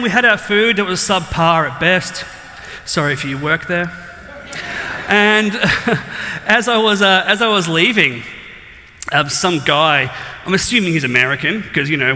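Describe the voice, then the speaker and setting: A man's voice: sits high, bright, forceful tone. A man in his thirties with an Australian accent, a student ministries pastor joking with the congregation and quizzing them at the start of a sermon. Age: 30s. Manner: joking, self-deprecating, quizzes the crowd. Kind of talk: casual sermon opening with audience quiz. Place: church auditorium. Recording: long hall reverb in church.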